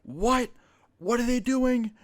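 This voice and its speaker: A man's voice: very high-pitched, slow pace, dry recording, pitched above the performer's own voice. A man voicing a furious middle-aged mother who screams her threats down the phone. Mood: screaming furious. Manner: shrieking, enraged.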